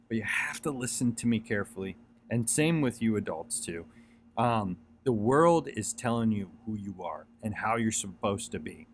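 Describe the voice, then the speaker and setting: A man's voice: lowish voice, animated, a little fast, slight background noise. A man giving an earnest, rambling motivational talk, repeating himself and using many fillers and restarts. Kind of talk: casual motivational monologue.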